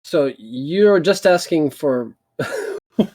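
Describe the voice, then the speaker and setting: A man's voice: fairly high pitch, lively intonation, drawn-out words, a little mellow. A man playing a board game, carefully restating the terms of a trade to make sure he understands. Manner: careful, restates deals to clarify. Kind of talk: casual game-table chat.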